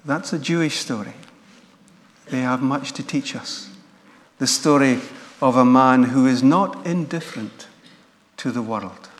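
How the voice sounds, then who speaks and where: A man preaching a sermon in a church, earnest and measured. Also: medium pitch. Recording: long church reverb.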